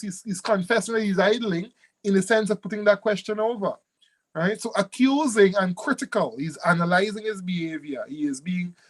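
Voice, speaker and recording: A man teaching an online exam review class, animated, repeating key words and laughing easily. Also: high voice.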